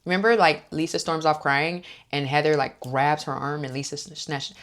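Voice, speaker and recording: Low-voiced chatty woman recapping reality TV. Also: fairly even intonation, a little fast, hardly any pauses. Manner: chatty and opinionated, acts out quotes. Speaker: host.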